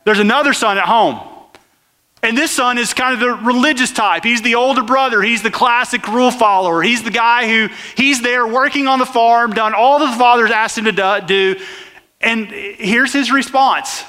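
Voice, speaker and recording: A man's voice: very high voice, normal speed, bright, forceful tone, long reverb tail. A man preaching a conversational sermon who often puts questions to the crowd. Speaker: pastor.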